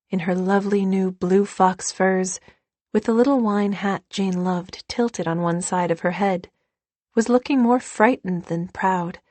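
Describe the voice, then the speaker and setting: A woman's voice: on the low side, darkish tone, dry recording. Woman narrating in a dry, close voice. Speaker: audiobook narrator. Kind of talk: scripted narration.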